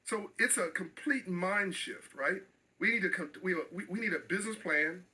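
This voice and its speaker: A man's voice: high voice, moderate pace, sharp tone, rough recording. A middle-aged man speaking as an interview guest, passionate and emphatic, often repeating phrases for stress.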